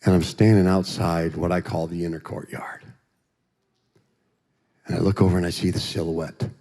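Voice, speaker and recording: A man giving a testimony as a guest speaker in a church, telling it in an animated, joking way and acting out the voices. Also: low-pitched, normal speed, long pauses. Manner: animated, joking storyteller who acts out voices. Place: church sanctuary. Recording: long church hall reverb.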